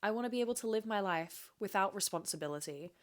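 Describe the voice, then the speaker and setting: A woman's voice: mid-range voice, expressive, fast. A young woman hosts a solo podcast in a loose, rambling way. She swears freely, quizzes herself and answers back, and talks in a mid-range voice. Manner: candid, profane, rambling, self-questioning. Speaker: podcast host. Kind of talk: casual solo podcast chat.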